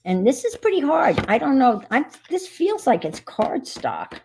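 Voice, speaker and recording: Slow, gravelly-voiced woman chatting while crafting. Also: sits high, big pitch swings, darkish tone, slight background noise. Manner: rambling, self-deprecating, chatty with trailing asides. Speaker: crafting livestream host. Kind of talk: casual craft demonstration chat.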